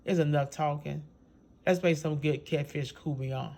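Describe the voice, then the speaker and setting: Animated Louisiana man with a high voice. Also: moderate pace, vocal fry. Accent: Louisiana Cajun English. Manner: chatty and animated, laughs often, folksy dialect. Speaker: cooking show host. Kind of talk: casual cooking video chat.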